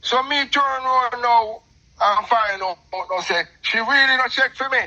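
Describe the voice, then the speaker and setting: A middle-aged Jamaican man telling a long personal story in patois, animated and talkative, calling in to a show. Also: extremely high pitch, normal speed, lo-fi sound. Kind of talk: casual storytelling on a call-in show.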